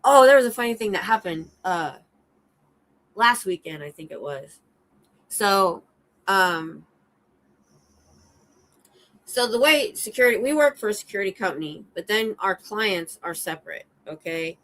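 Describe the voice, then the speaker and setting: A middle-aged woman, a security guard hosting a casual livestream chat, telling animated stories from her work. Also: mid-range voice, measured pace, pauses often, rough recording. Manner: animated storyteller, acts out her own shouts.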